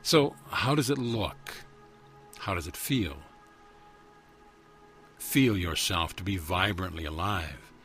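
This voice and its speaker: Man, very low voice, spiritual teacher guiding a meditation; slow and measured with soft repeated questions, faint music underneath. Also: expressive. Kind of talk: guided meditation.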